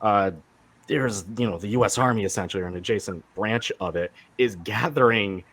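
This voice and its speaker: A man's voice: on the low side, fairly quick, fairly bright tone. A man hosting a casual podcast chat about comics, enthusiastic and rambling with many fillers and restarts. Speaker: podcast host.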